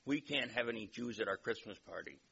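A man voicing a smug, self-righteous middle-aged gentleman at a hotel bar, on a dull recording with faint hiss. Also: mid-range voice, expressive, brisk, creaky. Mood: smug, polite.

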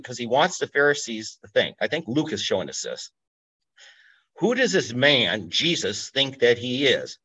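A man delivers a sermon in a relaxed, conversational way, pausing to check in with his listeners. His voice sits at an ordinary middle pitch. The recording sounds dull and lo-fi. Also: breathy edge. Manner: conversational, explaining scripture with frequent "okay?" checks. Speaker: preacher.

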